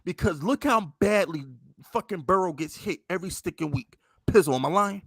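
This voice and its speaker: Gravelly, opinionated sports podcast man. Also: high voice, expressive, brisk, a bit bright, dry recording. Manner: blunt, profane, opinionated. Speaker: podcast co-host. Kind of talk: casual sports podcast chat.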